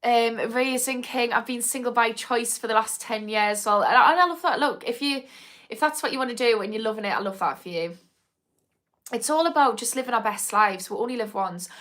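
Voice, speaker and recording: This woman's voice sits on the high side and sounds a bit bright, and she speaks fairly quickly. She's a Newcastle-born addiction therapist in the north of England, running a relaxed live-stream Q&A where she reads viewer comments. Her style is blunt, full of swearing and frequent ums.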